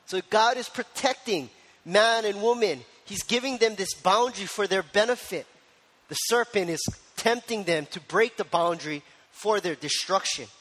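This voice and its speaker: A man's voice: sits high, fairly bright tone, big-room sound, low-quality recording. A man preaching a sermon, teaching through rhetorical questions and correcting himself as he goes. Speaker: pastor.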